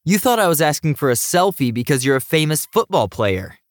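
A slight young man, frank and quizzical, speaking a little higher than the narration, as a man puts him on. He asks plain, curious questions. The sound is dry and close. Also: very animated, a little fast, no echo.

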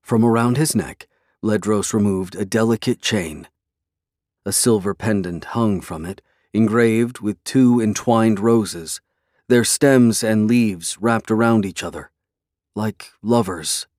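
A man narrating a fantasy novel in a measured, even storytelling way. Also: lowish voice, dry recording, clean studio sound. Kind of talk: scripted fantasy audiobook narration.

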